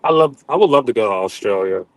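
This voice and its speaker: A man's voice: medium pitch, animated, quick pace, no room sound, rough recording. A man joining a live online chat as a guest, telling stories in an easygoing way and laughing easily, over a video call. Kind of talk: casual chat.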